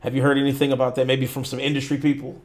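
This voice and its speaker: A man's voice: mid-range voice, completely flat delivery. Loose-talking man hosting a podcast. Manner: loose, swearing, drawn-out phrasing. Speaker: podcast host. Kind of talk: casual chat.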